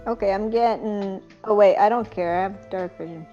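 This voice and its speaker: A player joking and trading quick quips in casual voice-chat banter during a tabletop game. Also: mid-range voice, dark tone, lo-fi sound, faint music behind.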